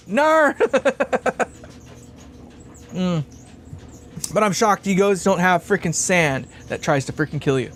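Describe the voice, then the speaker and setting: A man's voice: high voice, lively intonation, slow pace, pauses often, a bit bright, a little hiss or hum. A man hosting a casual livestream while building a guitar amp, rambling, laughing often and swearing freely.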